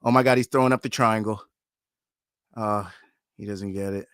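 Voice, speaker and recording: A man hosting a live fight watch-along, giving fan commentary, who swears often and pleads and shouts at the fighters on screen. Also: lowish voice, steady tone, moderate pace, clean tone, no echo, clean studio sound.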